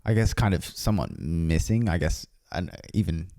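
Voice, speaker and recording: Deep-voiced young man rambling casually. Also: lively intonation, gravelly, dark tone, no room sound, studio quality. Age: young adult. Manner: rambling, hesitant, many restarts, quick laughs. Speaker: podcast co-host. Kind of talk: casual chat.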